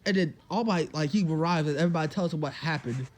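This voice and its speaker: A man casually telling an imagined fan story, rambling along with lots of "like" and quick quoted lines. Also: on the high side, slight background noise.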